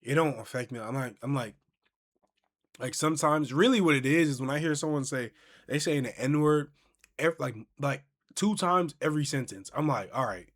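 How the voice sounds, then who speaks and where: A man's voice: fairly high pitch, normal speed. A man hosting a casual podcast chat, telling stories and acting out what people say. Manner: animated storyteller, acts out quotes. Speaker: podcast host.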